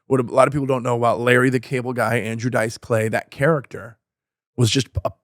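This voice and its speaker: A man's voice: medium pitch, little pitch movement, fairly quick, no echo, studio quality. A man, a stand-up comic co-hosting a podcast, chatting casually with lots of restarts. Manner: rambling, restarts often, mimics other comics.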